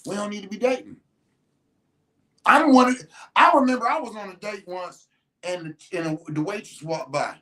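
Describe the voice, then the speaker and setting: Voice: mid-range voice, moderate pace, pauses often, pushed and bright. Profane, slangy podcast storyteller. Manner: restarts and repeats words often. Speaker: podcast host. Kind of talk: casual storytelling monologue.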